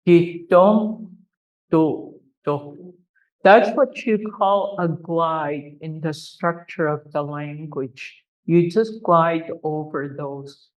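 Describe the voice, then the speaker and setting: A language teacher runs a classroom pronunciation drill, speaking at a very slow, deliberate pace. They repeat each word several times and gently correct students, with good-humoured teasing. The recording is dull and lo-fi. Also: mid-range voice. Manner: drills words by repetition, patiently corrects pronunciation.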